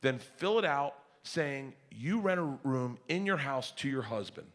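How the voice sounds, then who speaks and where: A man putting on a low, flat, gruff voice for a deadpan male gun dealer in a live stand-up bit. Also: unhurried. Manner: low, gravelly, flat delivery. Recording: live club with audience noise.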